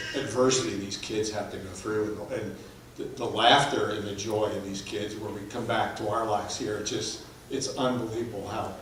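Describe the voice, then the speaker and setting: A man, a mission team member, telling lively stories at a church presentation. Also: on the low side, background noise. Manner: animated anecdotes with laughter. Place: church hall, recorded from afar. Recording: echoey hall from far off.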